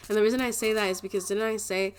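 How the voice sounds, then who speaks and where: A woman's voice: medium pitch, steady tone, rapid-fire, a little hiss or hum. A woman giving a casual tarot card reading to her viewers. She talks in a rambling, emotional way, laughing often and filling her speech with "like". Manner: rambling, emotional, with frequent laughs and filler words. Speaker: tarot reader.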